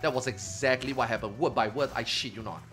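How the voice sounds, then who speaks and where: Here a man with a mid-range voice talks fast while streaming, spinning an animated, casual story for chat, dropping plenty of swears and voicing his friends' parts. Soft music plays behind him.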